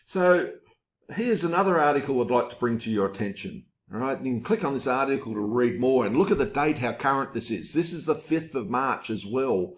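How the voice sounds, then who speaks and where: A man's voice: mid-range voice, animated, brisk, reverberant. An Australian man presenting a sales webinar from his home office, talking in an upbeat, chatty, salesy way.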